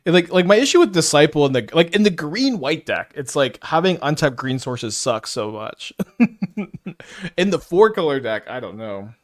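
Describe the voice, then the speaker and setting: A man's voice: fairly high pitch, sing-song, moderate pace, no room sound, studio quality. A man giving casual live commentary while playing a card game, stuttering and restarting often as he thinks aloud. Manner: stutters, many restarts and fillers.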